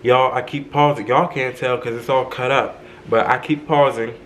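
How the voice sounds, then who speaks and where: A man's voice: mid-range voice, fairly even intonation, moderate pace, a little hiss or hum, low-quality recording. A young man vlogger telling a casual storytime, chatty and laughing in asides to his viewers, filmed on his own camera.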